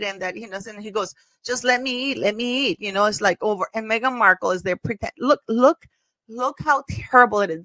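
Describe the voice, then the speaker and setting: A woman's voice: fairly high pitch, sharp tone, no room sound. A woman hosting a commentary channel, talking casually and emphatically over footage, gossipy and prone to repeating herself.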